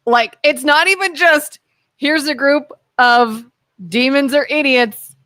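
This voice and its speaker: A woman co-hosting a live talk radio show, animated as she retells stories and acts out quotes. She asks her co-host pointed questions. The sound is close and dry, with no room echo. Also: sits high, slow.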